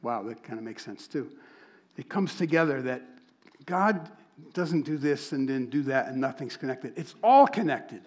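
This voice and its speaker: A man preaching to a congregation, telling a story and acting out the dialogue with lively, animated delivery. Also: mid-range voice, normal speed. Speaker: church speaker.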